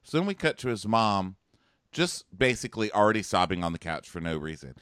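A man's voice: lowish voice, big pitch swings, a little fast, fairly bright tone, clean tone, no echo, clean studio sound. A man co-hosting a casual chat, sarcastic and joking. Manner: sarcastic, jokey, lots of acted quotes. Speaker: podcast co-host.

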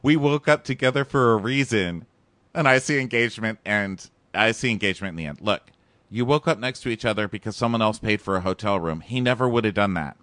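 A man's voice: on the low side, expressive, fast talker, no echo. A man co-hosting a casual comedy chat, sarcastic and mocking. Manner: sarcastic, mocking, breaks into loud put-on voices. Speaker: podcast co-host.

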